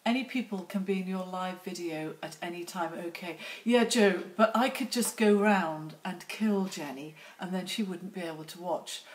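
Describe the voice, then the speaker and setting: A woman's voice: on the low side, normal speed, hardly any pauses. A middle-aged woman hosting a casual live stream outdoors on her phone, chatty and teasing as she greets viewers by name. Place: outdoors near lambs.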